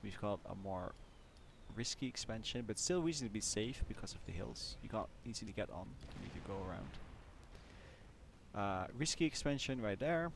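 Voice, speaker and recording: A man casting a strategy game tournament, calmly walking through the map layout in casual commentary. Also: on the low side, moderate pace, gravelly, background noise. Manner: relaxed, explains maps step by step. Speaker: caster.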